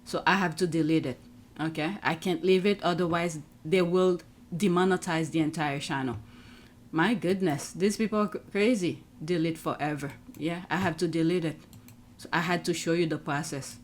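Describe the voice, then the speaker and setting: A woman's voice: deep voice, steady tone, moderate pace, a little hiss or hum. A woman running her own online channel, chatting casually as she works through clips on screen, with frequent exclamations. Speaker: YouTube commentator. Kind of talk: casual reaction commentary.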